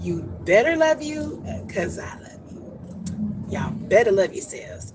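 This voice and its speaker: A woman chats on a livestream for her homesteading channel, animated and talkative, with a slow, unhurried delivery. Road and engine noise from a vehicle runs clearly behind her. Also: on the high side. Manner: animated, chatty, greets viewers by name. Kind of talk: casual livestream chat.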